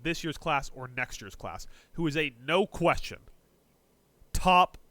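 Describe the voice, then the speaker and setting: A man's voice: on the high side, measured pace, no echo. A man co-hosting a casual sports podcast, joking around, punning and swearing as he leads the segments. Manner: jokey, excitable, swears, punning asides. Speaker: podcast co-host.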